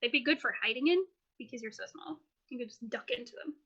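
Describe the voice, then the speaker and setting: A woman's voice: a little high, fast, bright, forceful tone, slightly rough, lo-fi sound. A woman running a tabletop game as game master, narrating scenes in a playful, descriptive way. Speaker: dungeon master.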